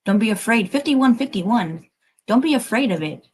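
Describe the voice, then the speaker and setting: A woman's voice: on the high side, expressive, normal speed, breathy edge, poor audio. Emphatic, encouraging woman tarot reader. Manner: emphatic, encouraging, swears casually; emotional. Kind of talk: livestreamed collective card reading.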